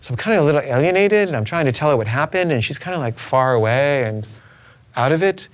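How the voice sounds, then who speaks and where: A man's voice: fairly high pitch, animated, fast talker. Rambling middle-aged man telling a story. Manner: rambling, anxious, filler-heavy storytelling. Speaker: filmmaker recounting his life. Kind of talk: comic personal storytelling.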